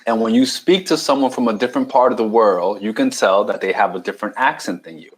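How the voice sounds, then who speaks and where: A fast-talking man with a voice on the low side and a New York accent appears as a guest on a casual podcast, where he's a keto challenge coach. The audio is poor. He explains things at length, repeating words and often asking "right?"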